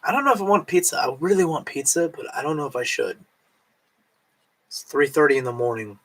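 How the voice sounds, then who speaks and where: A man's voice: fairly high pitch, animated, brisk, a bit bright, low-quality recording. A drunk man rambling casually on a late-night live stream at home, swearing and chewing food as he talks.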